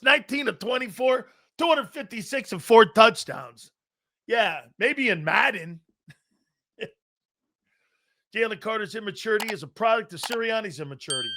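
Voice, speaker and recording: A man's voice: high-pitched, pushed and bright. A man hosting a sports talk stream, ranting casually in a brash, profane, teasing way.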